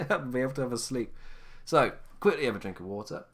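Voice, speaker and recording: A man's voice: mid-range voice, sing-song, brisk. A tired man chatting on his own, rambling, often laughing and correcting himself. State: tired, low energy. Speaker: podcast host. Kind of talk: casual solo wrestling chat.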